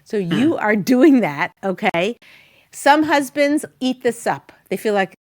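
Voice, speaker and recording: Animated, chatty woman hosting an advice show. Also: a little high, takes it slowly. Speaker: talk show host and marriage advisor. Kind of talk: advice talk to a guest.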